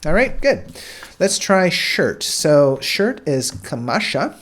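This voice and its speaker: American guy teaching words, laid back, lots of uh's, voice bounces around a lot. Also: on the high side. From United States. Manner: relaxed, many "uh" fillers and "all right"s, repeats words slowly. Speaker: language teacher. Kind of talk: casual language lesson.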